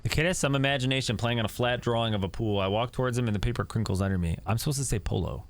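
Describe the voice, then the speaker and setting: A man reading a text adventure aloud and breaking in with jumpy, excitable reactions. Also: mid-range voice, racing, slight background noise. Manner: reads story text then reacts with jumpy, excitable commentary. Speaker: gaming YouTuber.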